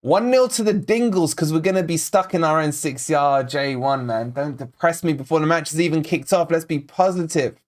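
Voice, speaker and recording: A man's voice: fairly high pitch, fairly quick, hardly any pauses. Chatty fan streamer man. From Scotland. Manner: chatty, reads out chat names and predictions, excitable. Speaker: fan channel host. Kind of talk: live football watch-along chat, reading viewer comments.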